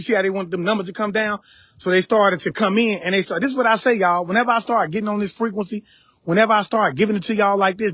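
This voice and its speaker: A man with a fairly high voice lectures his live-stream audience, repeating key phrases and speaking. The sound is dry and close, with no room around it. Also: fairly bright tone, no echo. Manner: preachy, repeats phrases, addresses viewers directly. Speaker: live-stream spiritual teacher.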